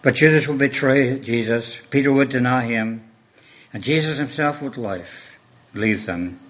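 A man preaching a sermon as a pastor, measured and earnest, building on repeated rhetorical questions. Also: mid-range voice, a bit bright, dull audio.

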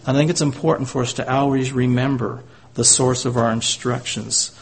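A man delivers a sermon in a husky, slightly breathy voice at an ordinary pitch. He often closes his points with rhetorical tag questions to draw in the congregation. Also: steady tone, moderate pace. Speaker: preacher.

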